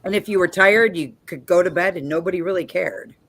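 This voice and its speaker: A woman hosting a casual group video call, chatty and quick to laugh. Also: on the low side, a bit bright, a little hiss or hum. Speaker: host.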